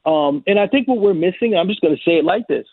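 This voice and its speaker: A man's voice: high voice, lively intonation, quick pace, husky, no room sound. A man arguing basketball takes on a sports talk show, emphatic and confident. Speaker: basketball analyst. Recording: tinny phone-like audio.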